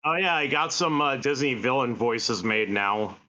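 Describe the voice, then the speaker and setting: A man speaking offhandedly on a livestream podcast, his voice bright and forward. His pitch sits in the middle of the male range. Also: animated, moderate pace, rough recording. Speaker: podcast co-host. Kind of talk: casual livestream chat.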